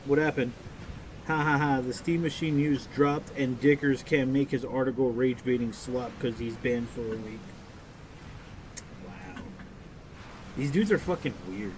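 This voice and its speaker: A man's voice: mid-range voice, measured pace, pauses often, a little mellow, a little hiss or hum. A young man streaming, ranting in a profane, rambling way with mocking quotes. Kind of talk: casual ranting commentary.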